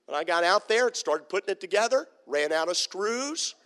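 A man's voice: high voice, normal speed, long reverb tail. A man preaching a sermon as a pastor, telling stories with humor and acting out the people in them. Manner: storytelling, animated, with acted-out quotes and humor. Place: church sanctuary.

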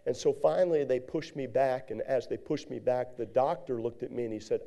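A middle-aged male preacher telling a story in a sermon, animated, with sudden high outbursts. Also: normal speed, creaky.

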